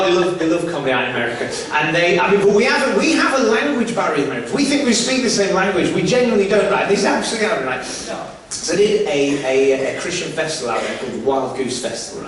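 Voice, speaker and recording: A man performs stand-up comedy to a church audience, his delivery swinging widely in pitch as he acts out characters. He is heard from some distance in a very echoey church, with the crowd audible behind him. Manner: animated storytelling, voices for characters. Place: church venues with live audience.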